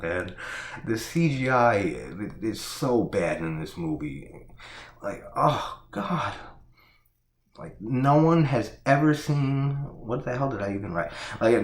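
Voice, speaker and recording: Male reviewer, slightly low voice, casual and exasperated, cursing and laughing, roomy echo. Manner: exasperated, laughing, profane, filler-heavy. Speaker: horror movie reviewer.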